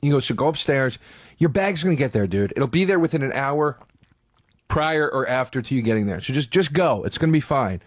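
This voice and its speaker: A man co-hosting a comedy podcast, telling a profane, excitable anecdote in a studio. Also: medium pitch, a little fast, no echo. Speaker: podcast co-host. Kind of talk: casual comedic chat. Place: radio studio.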